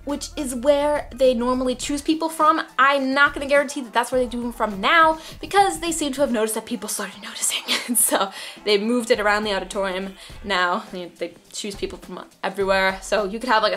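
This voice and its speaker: A young woman telling stories to camera in a casual vlog, animated and laughing, with sudden loud outbursts and hushed asides. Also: fairly high pitch. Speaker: vlogger.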